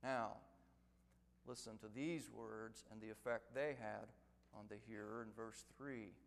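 A man preaching an expository sermon, building to loud, emphatic crescendos. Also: on the low side, fairly even intonation, a little slow, creaky. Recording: long reverb of a large hall.

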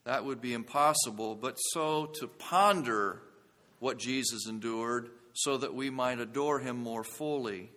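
A man's voice: medium pitch, unhurried, sharp tone, in a large hall. A man preaching a sermon as a pastor, earnest and building to intense emphasis.

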